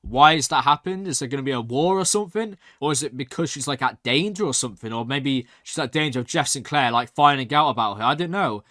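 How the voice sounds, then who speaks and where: A young man hosting a reaction channel, excitedly rambling through a recap with lots of "like". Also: medium pitch, fast talker, few pauses, dry recording, studio quality. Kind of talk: casual recap and review.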